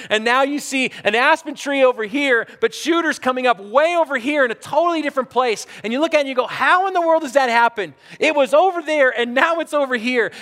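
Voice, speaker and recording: A middle-aged male pastor delivers a sermon in a high, bright, forceful voice. He tells his stories with big swings, jumping to shouted outbursts and then dropping low and hushed. His words ring out with a long reverb through a church hall.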